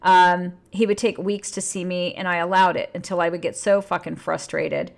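Woman relationship coach, candid and blunt, swearing freely, lively emphatic delivery. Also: lowish voice, normal speed, gravelly. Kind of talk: casual advice monologue.

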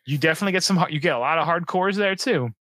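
Bright-voiced man in casual chat. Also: a little high, rapid-fire, no echo. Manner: animated, opinionated, enthusiastic about skiing. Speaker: podcast co-host.

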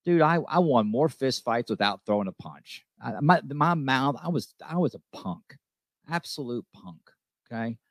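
A man's voice: mid-range voice, lively intonation, moderate pace, no room sound. Male host, recovery talk, earnest and emphatic, repeats himself for effect; dry close-miked sound. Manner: emphatic, repeats lines, says "okay?" often.

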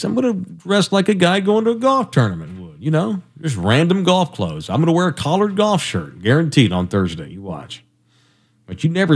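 A man hosting a sports radio show, bantering casually in a lively, joking, self-deprecating way. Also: medium pitch.

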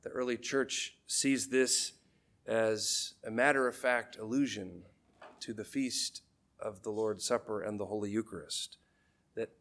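A man, a priest, preaching a sermon in a measured, deliberate way, letting key phrases fall low for emphasis. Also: steady tone, a bit bright.

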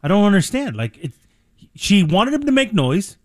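A male radio co-host takes the contrary side in mock-serious banter. His voice is slightly high with lively pitch swings, recorded dry and close. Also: normal speed, no echo. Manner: mock-serious, playing devil's advocate. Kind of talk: casual studio banter.

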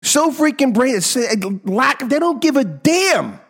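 A man's voice: big pitch swings, unhurried. Exasperated ranting male talk host. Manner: ranting, exasperated, swings from loud outbursts to low mutters. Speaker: radio talk show host. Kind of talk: opinionated monologue.

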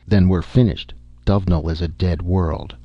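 A man's voice: low-pitched, fairly even intonation, moderate pace, dry recording. A man voicing a withered old male alien envoy who pleads and grows bitter, on a dull, dry recording. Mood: pleading. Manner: pleading, rising to an outburst.

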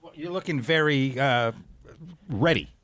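A man's voice: medium pitch, unhurried, fairly bright tone, dry recording. Man, radio co-host, wry jokes, casual banter, dry mic.

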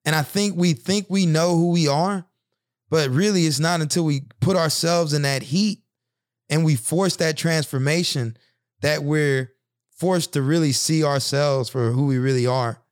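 A man's voice: a little high, a little slow, no echo, studio quality. A man in his thirties telling personal stories in an earnest, reflective, conversational monologue. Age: 30s. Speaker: podcast host.

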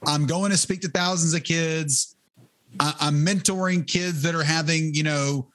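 A man in middle age tells his story with fervent conviction, his voice sitting a little higher than most men's. He talks conversationally, stumbling and restarting phrases as he goes. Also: fairly even intonation, normal speed, fairly bright tone. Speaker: interview guest, ministry leader. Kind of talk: testimony in conversation.

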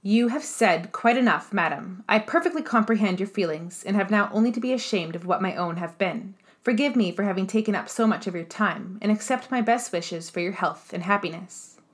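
A haughty aristocratic gentleman, stiff and formal, speaking with clipped coldness, read by a woman. The voice sits at a middling pitch for the reader and keeps an audiobook's measured delivery. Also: lively intonation, husky. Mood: icy. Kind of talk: audiobook character voice.

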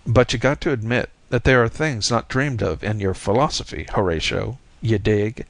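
A man's voice: fairly low pitch, moderate pace, creaky, dry recording. A man reading as a young bearded beatnik poet-repairman, cocky and slangy, with a self-assured drawl. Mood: solemn musing.

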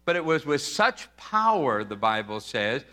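A man's voice: medium pitch, very animated, a little slow, sharp tone. A man preaching an emphatic sermon in church, repeating his points and acting out Bible figures. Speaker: pastor.

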